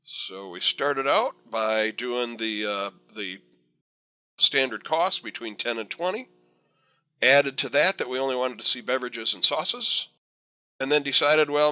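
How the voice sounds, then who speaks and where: A man teaching a software tutorial over a screen recording, chatty and encouraging with folksy asides. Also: mid-range voice, animated, normal speed, clear, resonant tone. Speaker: software instructor.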